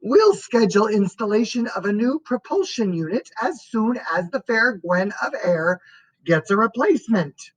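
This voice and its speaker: A woman's voice: medium pitch, very animated, normal speed, no room sound, low-quality recording. A woman voicing a small brainy boy who speaks in formal, dictionary-like phrases, in an audiobook reading. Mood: matter-of-fact. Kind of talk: audiobook character voice.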